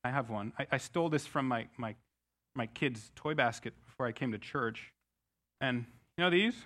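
A middle-aged man preaching a sermon as pastor, emphatic, often restarting words with quick repeats. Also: medium pitch, a bit bright.

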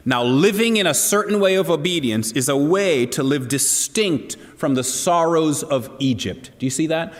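A man's voice: fairly high pitch, expressive, measured pace, fairly bright tone, long reverb tail. A man preaching a sermon to a congregation, earnest and asking them direct questions. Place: church hall.

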